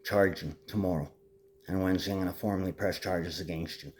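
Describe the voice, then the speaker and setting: A man talking to the camera in a rambling monologue, angry and threatening, swerving between calm talk and shouting. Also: sits low, fairly quick, a little hiss or hum.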